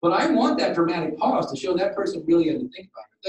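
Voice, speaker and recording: A man giving a podcasting workshop to a live audience, animated and jokey, acting out quoted exchanges. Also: high voice, fast talker. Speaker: workshop presenter. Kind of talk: conference talk with slides and Q and A. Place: conference room. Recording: roomy, distant room mic.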